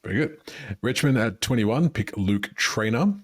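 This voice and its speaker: A man's voice: medium pitch, animated, no echo, studio quality. A man hosting a casual podcast, reading out picks and prompting his co-host. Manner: brisk, prompting, reads out picks.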